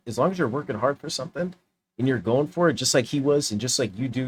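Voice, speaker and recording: A man's voice: mid-range voice, a little hiss or hum. A young man streaming, giving a heated, profane reaction rant. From United States. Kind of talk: ranting reaction commentary.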